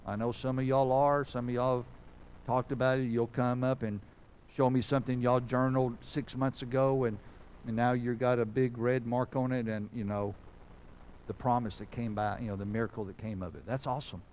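A man's voice: medium pitch, flat delivery, moderate pace, darkish tone, slight background noise. A male pastor delivers a sermon in a folksy, conversational way. His mid-range voice sounds like plain everyday speech. He builds to fervent, urgent preaching.

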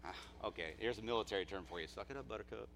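A man's voice: rapid-fire, a little hiss or hum. Impassioned man preaching a live sermon. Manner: impassioned, swings from low asides to near-shouting. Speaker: pastor. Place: church service.

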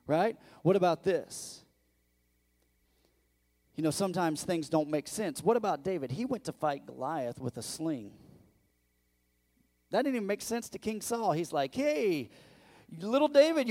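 Man preaching a lively conversational sermon. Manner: conversational preaching with rhetorical questions and acted-out quotes; swings between loud bursts and quiet, low asides. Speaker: pastor.

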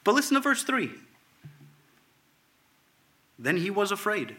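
A man preaching a sermon, reading scripture aloud in an animated way, at times dropping to a hushed tone. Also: high voice, a little slow. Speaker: pastor.

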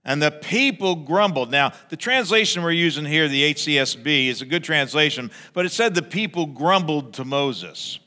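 Bright-voiced male pastor preaching in a hall. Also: fairly high pitch, moderate pace, hardly any pauses. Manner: animated, acts out crowds in raised voices. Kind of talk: sermon.

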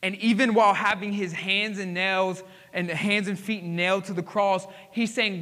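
High bright preacher in a big hall. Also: male voice, moderate pace. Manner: dramatic storytelling, swinging from hushed to emphatic. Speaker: pastor. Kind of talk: sermon. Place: church sanctuary.

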